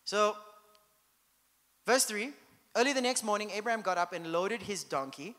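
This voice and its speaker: A man's voice: high voice, normal speed, sharp tone, in a large hall. A man preaching a sermon as pastor, in a conversational style that keeps checking in with the congregation.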